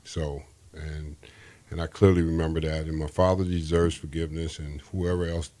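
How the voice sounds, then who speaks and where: A man's voice: very deep voice, little pitch movement, normal speed, warm tone. A man as an interview guest, telling an earnest, rambling faith testimony and often restarting his sentences.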